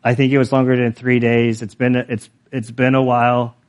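A man preaching a sermon, telling stories in an animated, chatty way with many filler words. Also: mid-range voice, moderate pace, clear, resonant tone. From United States. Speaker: pastor. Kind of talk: sermon with storytelling.

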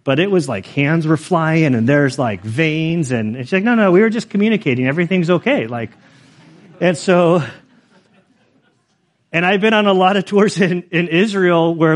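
A pastor with a somewhat high voice delivers a sermon in a loose, conversational way. He tells stories with animated energy and leans on lots of filler words. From United States. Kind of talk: sermon with storytelling.

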